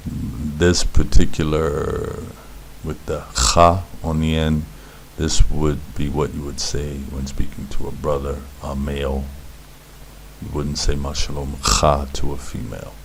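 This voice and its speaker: A man's voice: very deep voice, flat delivery, unhurried, vocal fry, a little hiss or hum. A man teaching beginners Hebrew letters, patiently repeating words and sounds as he explains. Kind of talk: instructional explanation.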